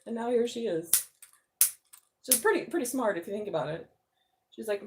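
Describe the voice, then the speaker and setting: A woman in her forties reads tarot live on a stream, her voice sitting at an ordinary middle pitch. She talks in an excitable, loose way, swears without a second thought and keeps laughing between cards. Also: fast, breathy edge. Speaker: tarot reader.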